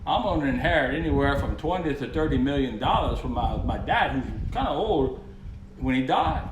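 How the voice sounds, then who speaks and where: A man's voice: mid-range voice, lively intonation, normal speed, background noise, natural voice. A man with a Cajun accent voicing a boastful, loose-lipped young Cajun man in a joke. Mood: bragging. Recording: echoey room.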